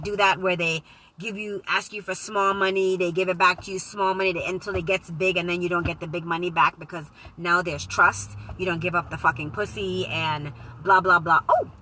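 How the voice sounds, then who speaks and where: A woman casually telling a personal story to her viewers, animated and profane, speaking into a phone. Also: on the low side, a little hiss or hum, low-quality recording. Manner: animated, profane, slips into loud quoted voices. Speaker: vlogger reading live comments.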